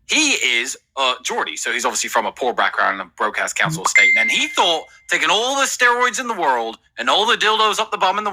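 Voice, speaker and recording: A man's voice: on the high side, rough recording. A man in his thirties from England co-hosting a streamed show, ranting and swearing in heated talk. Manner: animated, profane ranting. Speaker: podcast co-host.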